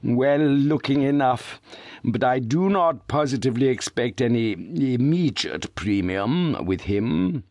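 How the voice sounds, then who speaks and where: Audiobook: a man voicing a smug, syrupy hypocrite, slow and lilting, dry close sound. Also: fairly low pitch, sing-song, no echo, heavily acted. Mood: unctuous. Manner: slow, sweet, unctuous delivery. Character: sanctimonious hypocritical middle-aged male architect. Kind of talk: audiobook character reading.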